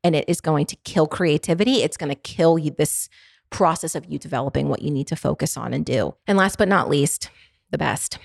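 A woman's voice: sits low, a little fast, creaky, no echo, studio quality. Earnest woman with a Baltimore accent. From Baltimore, USA. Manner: earnest, emphatic, repeats phrases for effect; stumbles and restarts, laughs between thoughts. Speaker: podcast host. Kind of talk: motivational faith-based monologue.

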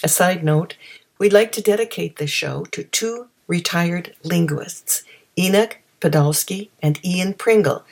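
A woman's voice: fairly low pitch, a little slow, vocal fry, darkish tone. A woman from Canada's Ottawa Valley with a local accent, hosting a readers' theatre show in a wry, folksy, scripted way. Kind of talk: scripted radio-style closing remarks.

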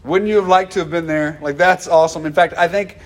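A man preaching a conversational, animated sermon as a pastor. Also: a little high, fast. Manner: animated, conversational, acts out quoted dialogue.

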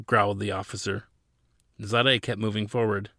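A man's voice: lowish voice, little pitch movement, moderate pace, a bit bright, no echo, clean studio sound. A man narrating his own story as an audiobook in a dramatic storytelling manner. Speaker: narrator and author.

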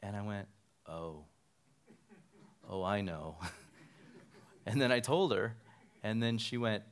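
A man's voice: lowish voice, expressive, slow pace. A middle-aged man, a pastor, telling a personal story as a sermon and acting out the dialogue he quotes. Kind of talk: sermon testimony.

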